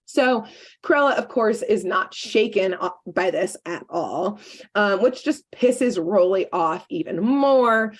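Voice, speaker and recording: A woman's voice: mid-range voice, slow. Woman podcaster recapping a cartoon, lots of "like", jumps into the characters' voices, chatty. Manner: animated retelling, acting out characters' lines with lots of "like". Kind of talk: casual chat.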